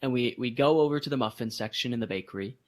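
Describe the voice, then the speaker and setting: A man co-hosting a podcast, telling a story in casual chat and jumping into high voices for emphasis. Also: quick pace. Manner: animated storytelling, voices others in bursts of high pitch. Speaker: podcast co-host.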